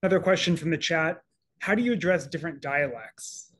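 Brisk man reading out chat questions. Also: on the high side, a bit bright. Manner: brisk, reads questions aloud. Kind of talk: moderating a live Q&A.

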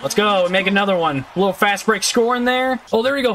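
A man giving casual, excitable gameplay commentary. He gets easily frustrated, yells at his teammates, and talks in slang with mild swearing. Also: high-pitched, fast talker. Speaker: gaming YouTuber.

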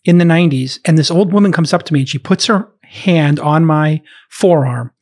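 A middle-aged man hosting a casual podcast interview, joking around and jumping in with quick interjections. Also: a little high, a little mellow. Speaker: podcast host.

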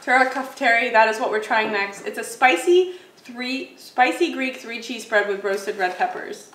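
A woman's voice: on the high side, lively intonation, normal speed, fairly bright tone, recorded from a distance, a little hiss or hum. Chatty woman tasting snacks in an echoey room. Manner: chatty, laughs often, muses while tasting. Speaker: food vlogger. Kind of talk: casual food review chat. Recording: echoey room, mic set back.

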